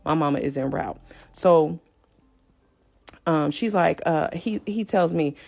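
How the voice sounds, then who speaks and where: A woman recounts a tense family story straight to her viewers. Her low, gravelly voice is full of vocal fry, and faint music plays underneath. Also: slow, lo-fi sound. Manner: animated, addresses viewers as y'all. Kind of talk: casual storytime.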